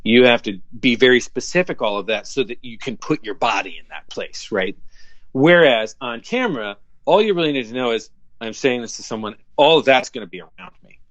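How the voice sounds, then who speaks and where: A man's voice: medium pitch, brisk, no echo, highs cut off. A man, an actor, telling audition stories in a casual interview, acting out the voices of the people in them. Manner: animated, acts out quoted voices. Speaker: guest actor.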